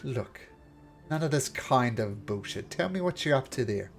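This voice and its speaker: A man voicing a gruff, threatening interrogator who demands answers in a brusque manner, with faint music behind. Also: medium pitch, expressive, normal speed. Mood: demanding.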